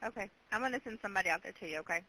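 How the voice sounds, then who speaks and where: A woman's voice: medium pitch, very fast, bright, forceful tone, breathy edge, no room sound. A woman working as an emergency dispatcher, firmly repeating instructions over a phone line. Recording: telephone line.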